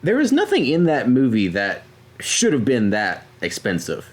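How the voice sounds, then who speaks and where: A young man co-hosting a podcast, chatting casually and hesitantly with many pauses and fillers. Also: medium pitch, huge pitch swings. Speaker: podcast co-host. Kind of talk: casual chat.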